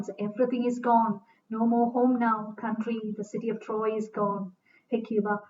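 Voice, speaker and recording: A woman's voice: on the high side, level tone, normal speed, a little hiss or hum. A woman giving a literature lecture, reading lines from a play aloud and then explaining them in plain words, with fillers and restarts. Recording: dull distant recording.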